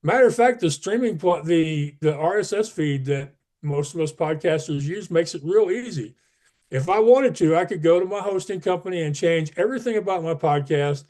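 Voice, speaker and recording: A man's voice: on the high side, expressive, moderate pace, a little mellow. A man speaking as a podcast guest, earnest and emphatic, pushing up his voice on key advice. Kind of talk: casual interview talk.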